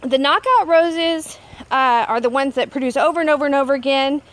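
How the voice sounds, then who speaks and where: A woman in her thirties with a bright, high voice talks chattily in an outdoor garden. Her tone is a bossy, joking pep talk, as if she is pushing her viewers to get to work. She is recorded outdoors on a handheld camera. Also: fairly quick. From Texas. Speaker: homesteading vlogger. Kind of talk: casual gardening vlog.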